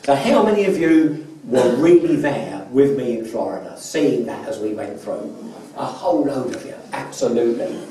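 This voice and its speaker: A man leads a motivational seminar, quizzing the crowd and often doubling his first words. His mellow voice is picked up from well back in a large convention hall that rings with echo. The delivery is a live seminar talk. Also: mid-range voice, expressive, normal speed. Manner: polls the audience with questions, often repeats words when starting a phrase. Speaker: business mentor giving a training seminar. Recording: echoey hall, voice from far off.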